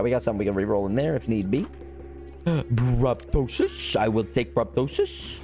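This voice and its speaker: A young man streaming a game, chatting casually and rambling with excitement, swearing and breaking into high whoops. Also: normal speed, faint music behind. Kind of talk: casual gameplay commentary.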